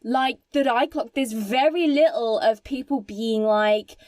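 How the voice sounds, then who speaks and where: A woman's voice: on the high side, a little slow, darkish tone, no echo. Emphatic, swearing woman on a podcast. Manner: emphatic, swears freely, mimics film characters. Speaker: podcast co-host. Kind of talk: casual film podcast chat.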